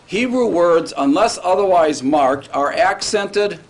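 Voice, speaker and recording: Fairly high-voiced man teaching a class. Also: lively intonation, takes it slowly. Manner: casual, checks in often with "all right?" and "right?". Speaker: Hebrew grammar teacher. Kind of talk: classroom lecture. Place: classroom with students.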